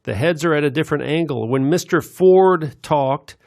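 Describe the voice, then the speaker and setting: Gravelly man rambling over clips. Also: fairly high pitch, darkish tone, dry recording, clean studio sound. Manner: meandering, with many filler pauses. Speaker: video commentator.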